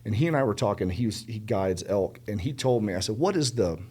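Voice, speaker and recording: Low-voiced middle-aged man from South Carolina. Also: brisk, husky. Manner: animated, acts out quoted dialogue; emphatic, repeats words for stress. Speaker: podcast guest. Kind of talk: casual storytelling conversation.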